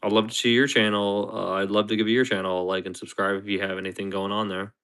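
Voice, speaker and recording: A man's voice: on the low side, little pitch movement, fast talker, a bit bright, clear, resonant tone. A man chatting casually on a live stream, rambling and chuckling as he reads chat aloud.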